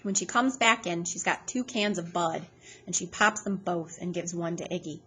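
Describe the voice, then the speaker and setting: A woman reading a novel aloud in a steady, plain storytelling manner. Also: lowish voice, moderate pace, breathy edge. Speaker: reader.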